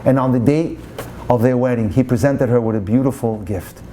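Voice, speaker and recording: A man's voice: fairly quick, warm tone, a little hiss or hum. A man, a rabbi, giving an inspirational lecture full of passionate storytelling. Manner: passionate storyteller, turning low and solemn.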